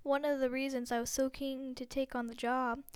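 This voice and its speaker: A gruff, folksy giant gamekeeper with a big heart and a short temper, read by a woman. He talks bluntly in a clipped dialect, in a somewhat high, smooth storybook voice with a dry close sound. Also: level tone, moderate pace, no room sound, natural voice. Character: giant bearded male gamekeeper, gruff, loyal, hot-tempered. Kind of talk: audiobook character reading.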